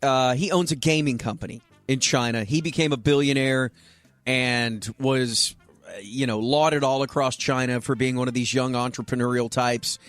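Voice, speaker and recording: A man co-hosting a radio show, chatting casually and telling a long story to his co-hosts in an animated way. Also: medium pitch, normal speed, no room sound. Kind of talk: casual sports-radio banter.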